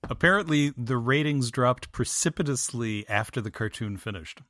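A man's voice: medium pitch, normal speed, sharp tone, dry recording, studio quality. A man joking playfully in a casual commentary chat. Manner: playful, mock-dramatic. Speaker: podcast panelist.

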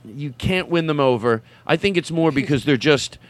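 A man hosting a comedy podcast in an excitable, rambling way, his voice bouncing around a lot. The sound is dry and close, with a slightly high pitch. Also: moderate pace, dry recording. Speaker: podcast host. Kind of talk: casual comedy podcast chat.

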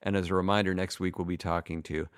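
In casual podcast chat, a middle-aged male co-host tells a story laced with dry, profane wit. He talks fast in a low voice with a flat delivery, and the studio-quality audio is clean with no echo.

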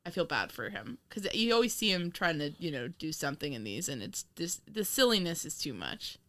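A woman's voice: lowish voice, very animated, fairly quick, fairly bright tone. A woman from New York co-hosting a casual film-review podcast, rambling and laughing often, swearing casually. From New York state. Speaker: podcast co-host.

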